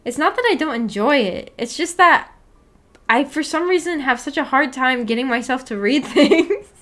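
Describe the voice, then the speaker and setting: A young woman hosting a book club on a live stream chats casually with her audience in a somewhat high, slightly bright voice at normal speed. She's expressive, giggles often, and keeps tripping over her sentences and restarting them.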